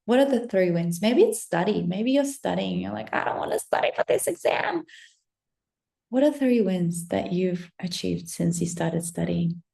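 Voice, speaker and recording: A woman's voice: mid-range voice, gravelly, dark tone, echoey room. A woman coach giving a casual motivational pep talk, full of encouraging rhetorical questions and the odd swear word. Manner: casual, swears now and then.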